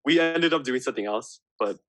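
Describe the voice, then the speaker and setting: A man's voice: mid-range voice, animated, fairly quick, fairly bright tone, no room sound. A young man co-hosting a podcast in casual chat, laid-back, laughing and using loose slang. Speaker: podcast co-host.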